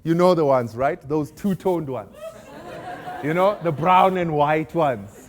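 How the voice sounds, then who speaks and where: A man's voice: on the high side, a little slow. A man from South Africa giving an inspirational keynote talk on stage, telling stories with humor and asking the audience questions. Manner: storytelling, warm humor, asks the audience questions. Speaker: motivational speaker.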